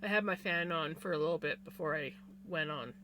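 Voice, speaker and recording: A woman's voice: low voice, fairly quick, pushed and bright, a little hiss or hum. A woman streamer chatting casually with her viewers while she crochets, greeting them by name and yawning now and then. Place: home room with a fan. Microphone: desk microphone.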